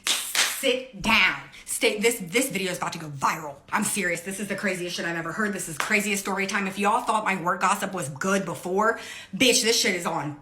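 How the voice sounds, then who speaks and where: A woman telling a story in a casual, animated way, swearing often and acting out her coworkers' lines. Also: medium pitch, a little fast, background noise. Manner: animated, swearing, jumps between hushed aside and loud outbursts.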